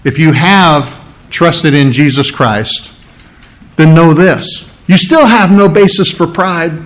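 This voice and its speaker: A man delivers a sermon in a slightly high-pitched voice. He asks questions of the congregation and answers them himself, often swinging his pitch up and then down. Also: takes it slowly. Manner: earnest preaching with rhetorical questions and sudden pitch swings. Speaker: pastor.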